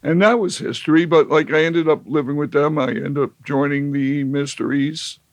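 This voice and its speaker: A man's voice: on the high side, moderate pace, no room sound. A man telling a long, wry, rambling story as an interview guest, with lots of fillers and restarts. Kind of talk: casual storytelling.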